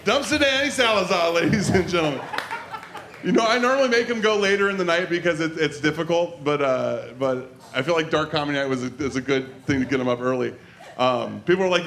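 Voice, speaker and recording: A man's voice: a little high, a little fast, background noise. A man hosting a comedy show, bantering loosely with hesitant fillers between comics. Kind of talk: introducing comics on stage. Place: comedy club stage. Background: audible crowd.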